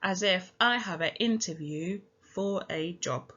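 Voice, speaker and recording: A woman with a British accent teaching a recorded phonics lesson for young children, speaking slowly and clearly and sounding out each letter encouragingly. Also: fairly low pitch, bright, forceful tone. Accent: British English. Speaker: primary school teacher. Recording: dull lo-fi home recording.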